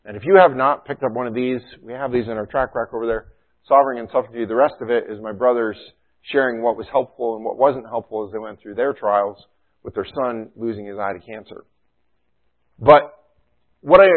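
Man preaching over a tinny line. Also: mid-range voice. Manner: conversational preaching, frequent "you know" and "right?". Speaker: pastor. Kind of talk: sermon. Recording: thin phone-like sound.

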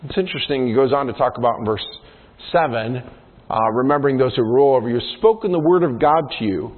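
A man's voice: medium pitch, expressive, brisk. A man preaching a sermon as pastor, earnest, often putting questions to the congregation. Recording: tinny phone-like sound with long hall reverb.

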